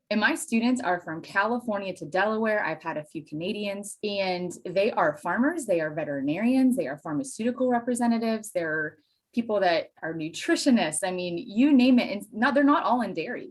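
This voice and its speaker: A woman from Pennsylvania, a Spanish teacher and dairy farmer, chatting as an interview guest with enthusiastic, animated storytelling and self-deprecating asides. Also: medium pitch, moderate pace. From Pennsylvania, USA. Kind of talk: casual interview chat.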